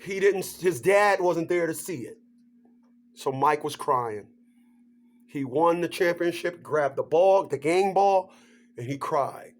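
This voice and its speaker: Man vlogger, high voice, slow animated comic rant, laughs as he goes. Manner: animated, joking, laughs through his points. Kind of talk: comedic rant to camera.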